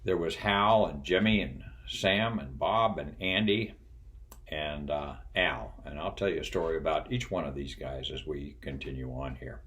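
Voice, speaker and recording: An older man, a retired pilot and flight instructor, tells folksy stories in an unhurried way, pausing often and chuckling. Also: extremely low pitch, fairly bright tone. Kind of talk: casual storytelling.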